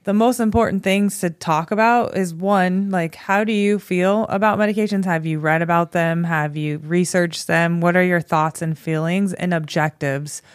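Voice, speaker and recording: Smooth, earnest prescriber voice. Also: mid-range voice, fairly even intonation, normal speed, hardly any pauses, dry recording, clean studio sound. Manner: explanatory, earnest. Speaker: medication prescriber. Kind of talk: casual conversation.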